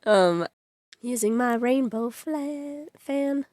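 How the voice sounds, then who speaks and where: A woman's voice: a little high, takes it slowly, darkish tone, no echo, clean studio sound. A young woman chatting casually on her vlog, rambling with fillers and frequent giggles. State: tearful at times. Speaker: vlogger.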